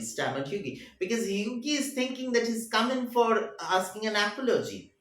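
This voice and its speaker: A male teacher reads and explains a story, his pitch moving up and down a lot. His voice rings in a roomy, echoey space. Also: big pitch swings, normal speed, fairly bright tone. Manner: paraphrases each passage in simple words. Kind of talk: reading and explaining a story for a class. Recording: roomy echo.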